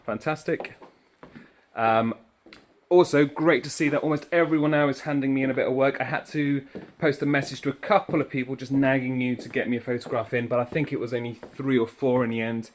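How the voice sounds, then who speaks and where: A man's voice: mid-range voice, fairly even intonation, brisk. Slightly breathless male teacher. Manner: encouraging, chatty, walking while talking. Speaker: primary school teacher. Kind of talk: recorded remote lesson instructions. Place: indoors in a school, walking between rooms.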